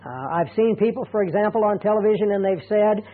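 A middle-aged man preaching a sermon as a pastor, earnest and deliberate, slowing down to stress key points. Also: sits high. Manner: earnest, deliberate, slows down for emphasis. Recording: tinny phone-like radio broadcast.

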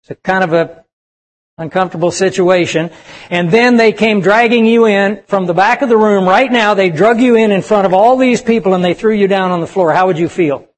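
A man's voice: high-pitched, fairly quick. A man preaching a sermon to young people, emphatic and asking the audience questions. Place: church service with audience.

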